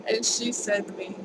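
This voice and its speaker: A woman's voice: medium pitch, noisy background. A woman vlogger telling a personal story in a chatty, emphatic way, repeating words for stress.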